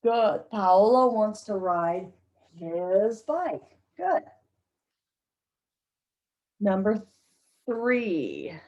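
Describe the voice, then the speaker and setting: A woman's voice: medium pitch, sing-song, drawn-out words, long pauses, warm tone, dull audio. A woman teaching an English pronunciation lesson to a class, carefully modeling short sentences for learners to repeat.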